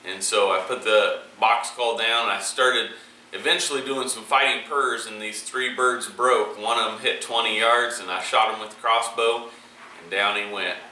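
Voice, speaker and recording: Guy rambling thru a hunting story, real bright voice, kinda far off the mic in an echoey space w faint background hum. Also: on the low side, normal speed. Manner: relaxed, rambling with many fillers and restarts. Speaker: hunting channel host. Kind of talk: casual storytelling recap.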